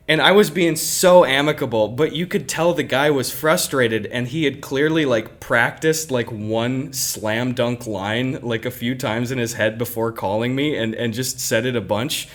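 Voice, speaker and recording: A young man co-hosting a podcast in casual chat, an animated storyteller who acts out other people in his anecdotes. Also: medium pitch, moderate pace. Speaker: podcast co-host.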